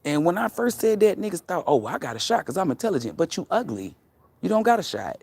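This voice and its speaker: A woman's voice: on the low side, big pitch swings, fast, a little mellow, husky, no echo. A woman hosting a casual livestream, talking bluntly and profanely and laughing often as she tells stories. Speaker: livestream host.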